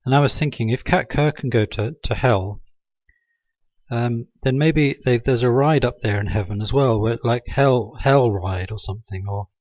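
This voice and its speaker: Man, dry sarcastic rambler, mid-pitched, hesitant with lots of ums, dull lo-fi home recording, close and dry. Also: normal speed, a little mellow, dry recording. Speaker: video maker. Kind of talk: rambling satirical monologue.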